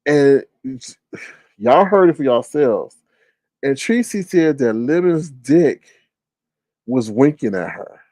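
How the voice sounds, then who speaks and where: A man hosting casual gossip commentary, talking in an animated, incredulous way and swearing freely. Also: mid-range voice, slow pace, pauses often, no room sound. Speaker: commentary channel host.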